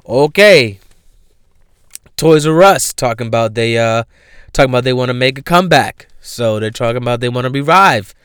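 A young man rants through a casual podcast monologue, cursing freely and breaking into laughter. His voice comes through smooth and clear, with a close, dry sound and no room around it. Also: mid-range voice, normal speed, dry recording. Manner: profane, animated storytelling with frequent laughs. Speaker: podcast host.

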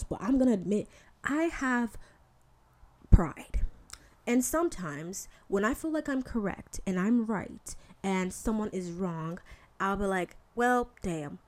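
A woman hosts a podcast and talks through her faith in a loose, candid monologue. She speaks at a middling pitch and shifts energy freely. Her delivery is conversational and animated, dotted with slangy asides. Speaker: podcast host. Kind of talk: casual faith talk monologue.

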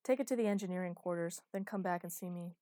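A woman's voice: fairly low pitch, fast, dark tone, no echo, clean studio sound, natural voice. A woman reading a cold, dismissive male general who gives orders in an audiobook. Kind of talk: audiobook character voice.

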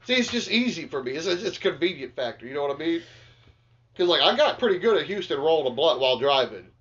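A man's voice: on the high side, very animated, quick pace, fairly bright tone. A man from Texas, chatting casually and profanely as a podcast co-host. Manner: laid-back, profane, talks to listeners. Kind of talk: casual chat. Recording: distant, dull lo-fi recording.

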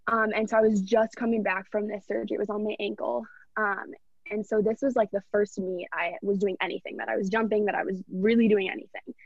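Young adult woman, podcast guest, mid-pitched voice, earnest and rambling as she shares a story, muffled dry sound. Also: level tone, brisk, gravelly, husky, dry recording. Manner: earnest, rambling, heartfelt retelling. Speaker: podcast guest, college athlete. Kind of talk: casual personal storytelling. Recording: dull, dry lo-fi recording.

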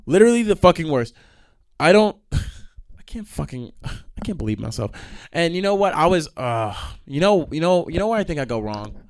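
Animated young man ranting, dry close sound. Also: medium pitch, dry recording. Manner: profane, animated ranting with sudden loud outbursts. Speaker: podcast host. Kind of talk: ranting monologue.

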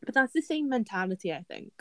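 A woman's voice: a little high, sing-song, fast talker, dry recording, poor audio. A young woman, chatting casually as an advice co-host and using lots of "like" fillers. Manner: chatty, filler-heavy, laughs often. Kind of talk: casual chat.

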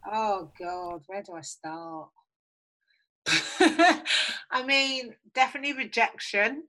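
A woman's voice: mid-range voice, expressive, slow pace, pushed and bright, rough recording. A young woman who works as a radio producer and presenter, answering interview questions in a chatty, upbeat way with lots of fillers.

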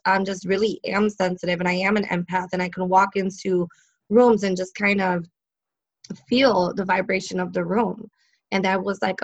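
A woman's voice: mid-range voice, lo-fi sound. A woman psychic in an interview, telling stories in a chatty way, laughing often and using many fillers. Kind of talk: casual interview storytelling.

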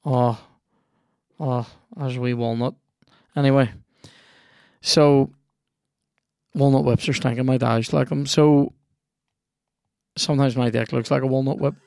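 Sweary gravelly man. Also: mid-range voice, steady tone, a little slow, pauses often, a little mellow, no room sound, clean studio sound. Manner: sweary, rambling, reacts aloud to the game. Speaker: podcast host. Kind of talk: casual chat while playing a video game.

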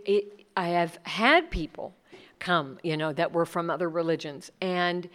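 Woman, middle-aged, workshop talk, conversational, lower pitch, acts out quotes. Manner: conversational, animated, quotes people in voices. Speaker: speaker leading a workshop. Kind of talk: conference talk.

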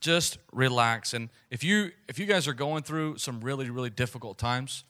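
Male pastor, 30s, earnest chatty sermon delivery, bright ringing tone. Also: mid-range voice, lively intonation, fairly quick. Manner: earnest, conversational preaching with repeated phrases.

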